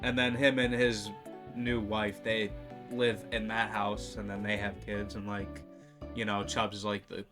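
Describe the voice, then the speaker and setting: A man's voice: on the low side, flat delivery, unhurried. A young man co-hosting a movie review chat, offering offhand, agreeable opinions in casual conversation. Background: soft background music.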